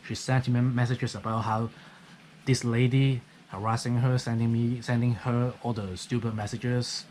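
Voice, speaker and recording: Male vlogger, loose rambly delivery, middle pitch, faint rain in the background. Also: little pitch movement, normal speed, darkish tone, a little hiss or hum. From Hong Kong. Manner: rambling, keeps tagging "okay?". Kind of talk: casual monologue. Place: guest house on a rainy night.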